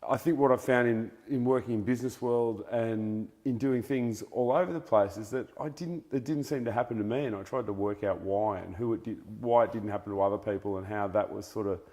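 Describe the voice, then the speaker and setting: A man's voice: on the low side, brisk, hardly any pauses, a little mellow, long reverb tail. An Australian man answering as a guest author in a casual interview, loose and blokey, with the odd swear.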